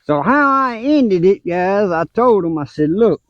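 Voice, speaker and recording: An older man with a drawl tells a folksy family story in a slow, unhurried way, with easy laughs in between. His voice sits in a middle pitch. The sound is dry and slightly muffled, like a lo-fi recording made outdoors. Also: animated, no echo. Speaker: gardening vlogger and grandfather. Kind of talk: casual storytelling vlog. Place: outdoors in a garden.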